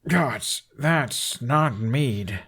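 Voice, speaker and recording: A man's voice: fairly low pitch, expressive, normal speed. A man reading the lines of a playful, earnest young man with a bashful, teasing tone. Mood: gentle.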